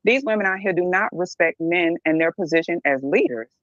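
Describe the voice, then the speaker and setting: A woman's voice: on the low side, lively intonation, a little fast, no echo, lo-fi sound. A middle-aged woman speaking bluntly and emphatically as a podcast guest, often checking in with "right?". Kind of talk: candid podcast discussion.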